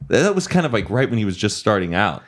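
A young male co-host in relaxed conversation, with a fairly low voice. He talks eagerly and jumps in often. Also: quick pace. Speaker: podcast co-host. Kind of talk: casual chat.

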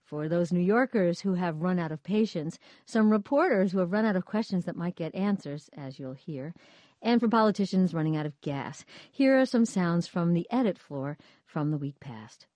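A woman hosting a public radio news show, introducing segments and putting brisk, friendly questions to guests. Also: lowish voice, animated, darkish tone, dry recording.

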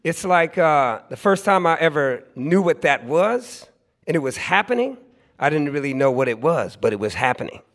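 Storyteller, forties, male, slightly high voice, loose and animated, slips into voices for other people. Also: normal speed. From Oakland, California. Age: 40s. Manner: laughs often, loose and conversational with many restarts. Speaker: storytelling speaker at a live event. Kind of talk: live storytelling monologue. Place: club stage before a live audience.

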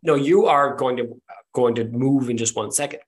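A man's voice: medium pitch, normal speed. Brief: a man in a middle register, a loose and rambling tabletop game narrator. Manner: rambling, full of ums and likes. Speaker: game master.

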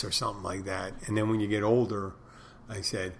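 A man's voice: on the low side, level tone, normal speed, slight background noise. A middle-aged man hosting a podcast, rambling through stories and crude jokes in a casual monologue. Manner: meandering storyteller, tells crude jokes. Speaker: podcast host.

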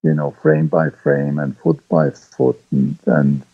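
An older man, a film director, reminiscing as an interview guest, halting, with many restarts. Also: very deep voice, sing-song, vocal fry, slightly rough, dry recording, soft background music. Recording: dull lo-fi sound.

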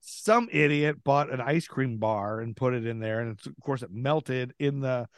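A man's voice: mid-range voice, normal speed, no echo, clean studio sound. A man as a podcast guest, telling a story with lots of laughter and swearing, acting out what people said. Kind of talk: casual storytelling.

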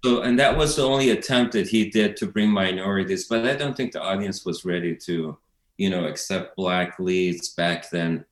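A man's voice: deep voice, steady tone, moderate pace. A man chatting casually as a guest, loose and rambling, with lots of fillers and restarts. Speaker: documentary filmmaker guest. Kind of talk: casual conversation. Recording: roomy echo.

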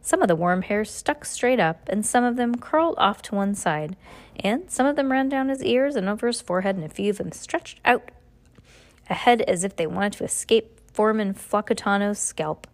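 A woman's voice: medium pitch, expressive, normal speed. A woman reading a children's book aloud in a casual way, stumbling on hard words and correcting herself. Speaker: reader.

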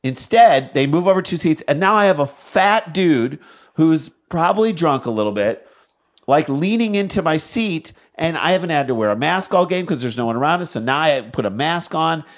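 A middle-aged man, a podcast co-host, telling a story in lively chat and acting out the people in it. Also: a little high, normal speed. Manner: lively, acts out the other people in his story.

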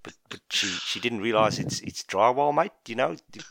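A man's voice: mid-range voice, animated, normal speed, gravelly, fairly bright tone, no echo. Man doing a droning South African bloke. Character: chatty dull male referee, droning about his weekend.

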